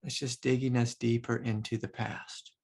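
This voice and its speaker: Man, spiritual teacher, gravelly voice, relaxed reflective talk, lots of "like", soft laughs. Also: medium pitch, normal speed.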